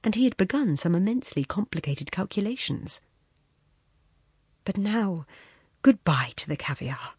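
A woman reads a literary story aloud in a hushed, intimate voice that often drops close to a whisper. Her voice is husky and breathy. Her pitch rises and falls in a lively way, and the sound is close and dry. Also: moderate pace, long pauses, dry recording. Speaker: reader. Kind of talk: literary audiobook narration.

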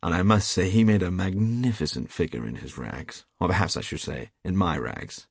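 A man's voice: low voice, moderate pace, husky, no room sound, studio quality. A man doing a teasing worldly painter.

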